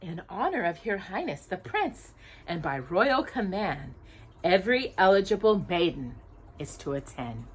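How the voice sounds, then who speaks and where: A woman's voice: lowish voice, sing-song, a little slow, breathy edge, heavily acted. Stern, harsh storybook stepmother, put on by a woman reader. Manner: scolding, cold.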